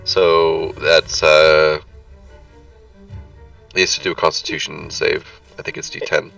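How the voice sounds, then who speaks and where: A man playing in a tabletop game, talking in a low-key, unsure way. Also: little pitch movement, measured pace, gravelly, a bit bright, recorded from a distance, soft background music, rough recording. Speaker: player.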